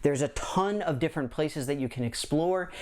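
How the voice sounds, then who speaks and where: A man's voice: on the high side, moderate pace. A middle-aged man hosting a board game channel, chatting through a countdown list in an enthusiastic, rambling way. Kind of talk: casual countdown chat to camera.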